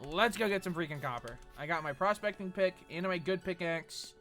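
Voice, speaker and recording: A young American man streaming games and chatting casually, animated and profane, jumping between loud outbursts and low mumbles. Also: fairly quick, faint music behind. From United States. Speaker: Twitch streamer. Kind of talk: casual live-stream chat while gaming.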